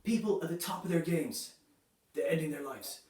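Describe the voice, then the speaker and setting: A man performing a stand-up comedy set, delivering dark jokes in a loose, chatty way, filling his lines with "you know" and "right". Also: on the high side, animated, normal speed. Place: comedy club stage. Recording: echoey room, voice from a distance.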